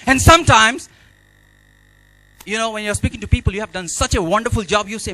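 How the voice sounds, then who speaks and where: A man's voice: sits high, fairly quick, long pauses, sharp tone, low-quality recording. A man giving a motivational speech, emphatic and repeating key phrases. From India. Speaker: speaker at an awards event.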